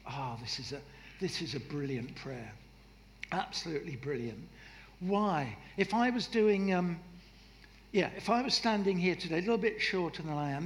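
A man preaching a sermon in a lively, humorous way, acting out voices and jokes. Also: fairly high pitch, gravelly. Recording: echoey hall with faint noise.

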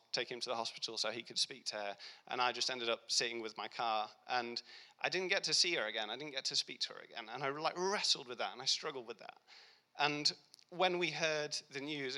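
A young man giving a heartfelt personal faith testimony, speaking earnestly and reflectively with pauses and restarts. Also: medium pitch, pushed and bright. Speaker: Christian speaker.

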